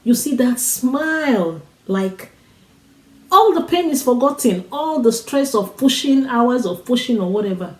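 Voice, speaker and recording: A woman's voice: on the high side, animated, a little slow, darkish tone, echoey room, rough recording. A woman giving a motivational talk, urging listeners on with repeated, preacher-like phrases. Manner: repetitive, urging, preacher-like cadence. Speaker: motivational speaker.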